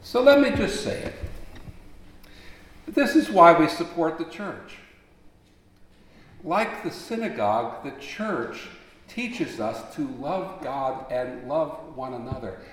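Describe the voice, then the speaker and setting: A man preaching a sermon, telling stories, then rising into emphatic appeals before dropping back to a soft voice. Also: a little high, big pitch swings, takes it slowly, pauses often. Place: large church sanctuary. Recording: long echo of a large church hall.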